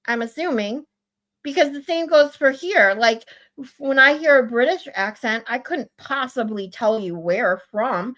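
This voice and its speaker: Livestream co-host: a woman with a Michigan accent, a fairly high nasal voice, a loose chatty delivery that often restarts. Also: a little slow, fairly bright tone. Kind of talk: casual chat.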